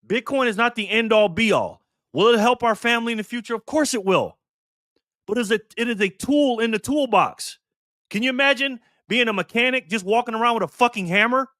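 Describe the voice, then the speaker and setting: A man's voice: extremely high pitch, a little fast, sharp tone, dry recording, studio quality. Fiery profane man in his fifties. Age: 50s. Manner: heated, profane, emphatic, preachy. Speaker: channel host. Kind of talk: direct-to-camera vlog rant.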